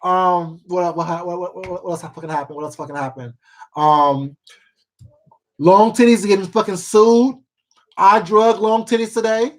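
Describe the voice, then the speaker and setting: A livestream host gossips casually while reading viewer comments, using a steady, medium-pitched voice at a slightly slow pace. The chatter rambles and swears, full of repeats and fillers, calling people baby and sweetheart.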